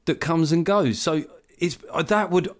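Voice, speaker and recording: A man's voice: on the high side, measured pace. A man, ranting in an opinionated, exasperated way during a casual chat. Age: 40s.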